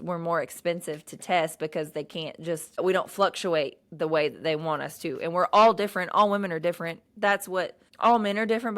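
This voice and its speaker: Blunt, profane woman podcaster. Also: lowish voice. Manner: blunt and profane, rambling with restarts. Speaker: podcast host. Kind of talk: casual solo podcast monologue.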